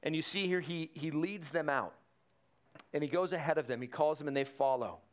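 A male pastor preaching a conversational sermon, slowing down to stress key phrases. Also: fairly high pitch. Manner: conversational preaching with fillers and restarts, slowing for emphasis.

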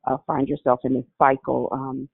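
A man's voice: mid-range voice, flat delivery, normal speed, vocal fry, husky, no echo. A man calling into a prayer line, exhorting the listeners in a preacherly way. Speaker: caller. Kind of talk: prayer-call testimony. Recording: tinny, dry phone line.

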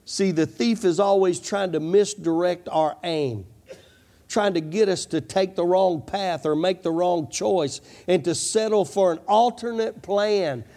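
Fervent pastor, high voice. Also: male voice, a little slow, dark tone. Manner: fervent, repeats "come on" and "I'm telling you". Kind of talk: sermon.

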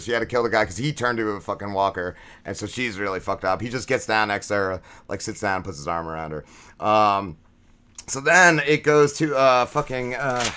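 Man, podcast co-host, bright tense tone, loose profane rambling recap. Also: fairly low pitch, clean tone. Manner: rambling, profane, many fillers and restarts. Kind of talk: casual episode recap.

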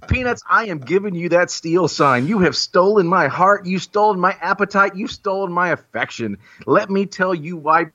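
A man's voice: a little high, a bit bright. A man giving a playful, theatrical mock-persuasive monologue in a self-mocking way. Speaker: guest making a comic pitch. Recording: muffled lo-fi recording.

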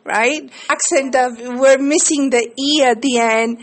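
A woman's voice: high-pitched, steady tone, unhurried. A woman hosting a radio interview show, introducing her guest with effusive enthusiasm.

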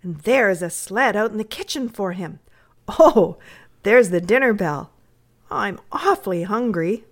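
A woman voicing an eager, excitable little girl who gushes breathlessly. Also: medium pitch, unhurried. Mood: chattering.

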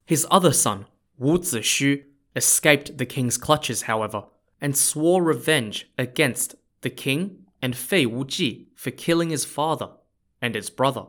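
A man narrating a history tale in a relaxed, conversational podcast style. He speaks at an ordinary middle pitch and often turns aside to talk straight to his listeners. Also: a little slow. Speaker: podcast storyteller. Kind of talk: casual history storytelling.

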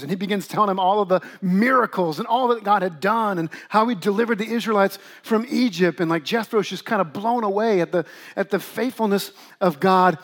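High-voiced man preaching a lively sermon. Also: fairly quick. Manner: lively, conversational preaching with acted asides. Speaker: pastor.

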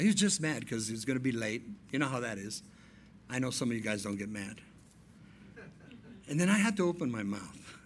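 A male pastor preaching a sermon, animated, telling stories and acting out dialogue. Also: mid-range voice, a little fast, long pauses, slight background noise.

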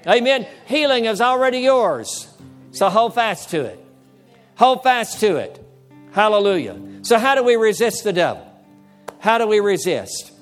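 High-voiced pastor preaching emphatically. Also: male voice, very animated, measured pace, soft background music. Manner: emphatic, repeats phrases, acts out dialogue with the devil. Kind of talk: sermon.

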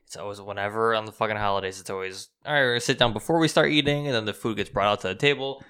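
A man's voice: fairly low pitch, rapid-fire, pushed and bright, clear, resonant tone. A young man co-hosting a podcast, laid-back and agreeable, swearing casually as he chats. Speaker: podcast co-host.

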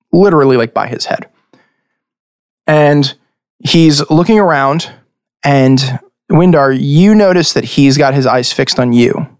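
A man narrating a tabletop game as game master, casual and lively, rambling with fillers. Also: a little high.

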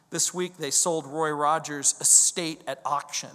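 A high-pitched middle-aged man from Southern California preaches to his congregation, leaning hard on key words and slowing down to drive a point home. His voice carries a long reverb from a large church hall. He switches easily between scripture reading and personal storytelling. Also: fairly even intonation, pushed and bright. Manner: storytelling, emphatic with slow drawn-out stresses. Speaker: pastor. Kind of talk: verse-by-verse sermon. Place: church sanctuary.

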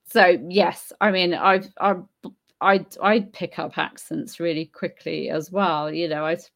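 In a casual live Q&A from her home in Spain, a woman with a fairly low, fry-tinged voice reads viewer comments aloud and responds. Her answers come out thoughtful but hesitant, full of fillers and restarts.

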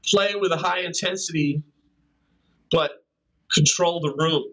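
An older man who drums, here as an interview guest, speaks unhurriedly in a slightly high, fairly bright voice, recorded with poor audio. He casually spins rambling anecdotes, scatting drum rhythms and laughing as he goes.

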